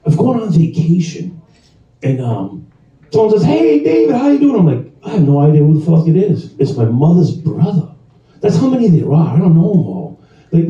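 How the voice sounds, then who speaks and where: Male stand-up, 40s, crude rambling storyteller, lively pitch, dull far-off club recording. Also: very echoey. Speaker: stand-up comedian. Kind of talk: stand-up comedy set.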